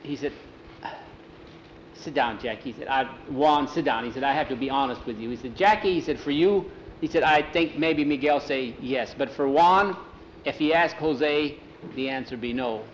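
A man telling a story aloud in a relaxed, folksy way, dropping into broken-English voices for the characters. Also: medium pitch, normal speed, lo-fi sound. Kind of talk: oral storytelling, voicing characters. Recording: roomy, faint ambient noise.

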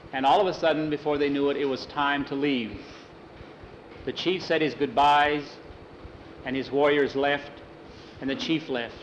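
An older man telling a frontier story in an unhurried, folksy way and acting out the dialogue. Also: a little high, slight background noise, low-quality recording. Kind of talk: spoken storytelling.

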